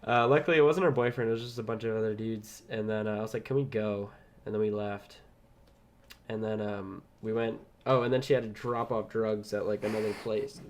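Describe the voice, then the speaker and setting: A man's voice: on the low side, steady tone, a little fast, slight background noise. A young man co-hosting a podcast, telling a long story in casual chat, rambling, swearing often and laughing at himself. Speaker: podcast co-host.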